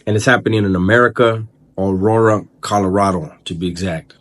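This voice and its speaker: A man hosting his own video channel, talking casually to the camera and restarting his sentences often as he thinks aloud. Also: fairly low pitch. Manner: halting, repeats words and restarts while thinking aloud. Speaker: channel host. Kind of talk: casual vlog commentary.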